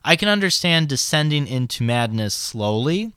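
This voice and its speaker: A man co-hosting a casual podcast, swearing freely and retelling scenes with quick quoted lines. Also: fairly high pitch, very animated, pushed and bright, clear, resonant tone, dry recording, clean studio sound. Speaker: podcast co-host. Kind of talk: casual chat.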